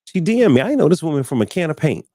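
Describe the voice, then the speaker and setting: Speaking very fast in a sing-song way, this man has a fairly high pitch yet a dark tone. He hosts a casual live-stream talk show, storytelling and performing others' quoted lines, often repeating words as he finds his thought. The studio-quality audio carries no room sound.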